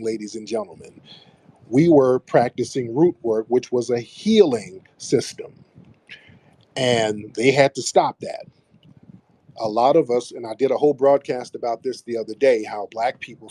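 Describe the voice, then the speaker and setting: A man's voice: medium pitch, mellow, breathy edge. A man hosting his own radio show, lecturing the audience in an emphatic monologue and repeating phrases to drive points home. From United States.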